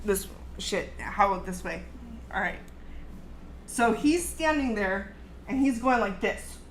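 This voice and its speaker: A woman in her thirties hosting a livestream, telling a story in a casual, animated, profane way and laughing along the way. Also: medium pitch, a little slow, slight background noise. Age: 30s. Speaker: livestream host.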